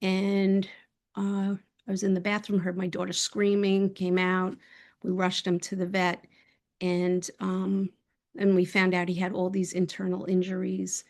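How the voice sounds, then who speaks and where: A woman's voice: mid-range voice, completely flat delivery, a little slow, a little mellow. A woman telling a personal story as a guest speaker in a casual, heartfelt way, rambling with many fillers and restarts, over a video call.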